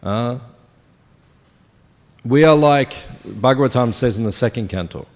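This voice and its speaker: A man's voice: mid-range voice, unhurried, gravelly. A man in his fifties giving a morning scripture class in a temple. He talks in a loose, conversational way and keeps asking the listeners questions. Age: 50s. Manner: conversational, asks the audience questions. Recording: long hall reverb.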